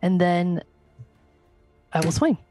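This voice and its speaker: A woman playing a tabletop game, calling out her rolls and attacks in a halting way. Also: on the low side, animated, dark tone, soft background music. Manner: slow, halting dice calls. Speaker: player. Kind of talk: casual tabletop game play.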